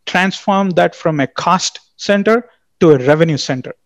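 A man's voice: sits high, moderate pace, no echo, dull audio. A man talking as a startup executive in a casual business conversation, full of fillers and tag questions. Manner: filler-heavy, tags statements with "right?".

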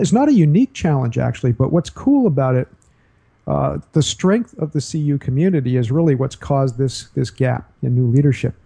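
An earnest man talks as a show guest, laying out his ideas in a loose, conversational way. His voice is very dark and mellow, with a husky edge. He often circles back and restarts his sentences. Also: a little high. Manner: earnest, explanatory, many restarts. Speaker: guest leadership speaker. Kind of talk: casual interview talk.

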